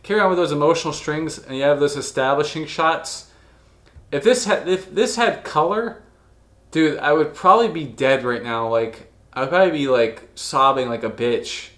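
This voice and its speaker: A man's voice: fairly high pitch, moderate pace, a bit bright, reverberant. A man in his thirties or older giving casual reaction commentary as a video reviewer. He is profane and gushing, and rambles with restarts. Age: 30s or older.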